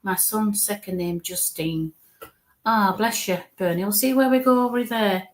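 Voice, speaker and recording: A woman's voice: medium pitch, normal speed. A woman from northern England with a Northern English accent, giving live spirit readings in a chatty, reassuring way, often repeating "okay" and "bless you".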